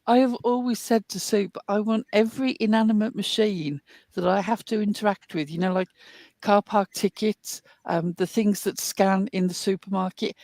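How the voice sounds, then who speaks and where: A woman's voice: medium pitch, fairly even intonation, normal speed, darkish tone, no room sound. A woman from the north of England with a Northern English accent, chatting on a livestream in a wry, articulate way and laughing at herself. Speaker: show regular. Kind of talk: casual livestream chat.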